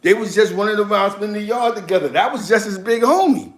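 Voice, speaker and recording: This man's voice is high-pitched and brisk as he chats casually about life on the streets and in prison. He laughs constantly and animatedly voices other people's lines, in a room with noticeable echo.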